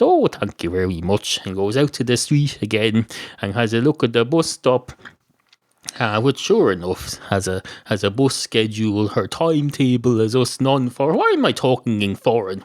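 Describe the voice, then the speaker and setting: A man's voice: medium pitch, dry recording, studio quality. An Irish man hosting a podcast, telling a comic story in a digressive way, full of fillers and asides. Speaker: podcast host.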